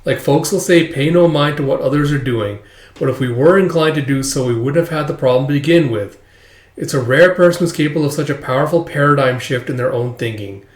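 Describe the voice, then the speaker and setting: A man voicing a calm older teacher who gives steady advice. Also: a little high, brisk, close to an everyday voice. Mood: advising. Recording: echoey room.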